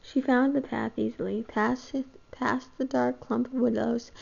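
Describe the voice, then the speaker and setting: Woman reading a storybook aloud, super creaky mellow voice, muffled lo-fi sound. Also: fairly high pitch. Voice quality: gravelly. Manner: steady, even storybook reading. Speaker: reader. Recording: dull lo-fi home recording.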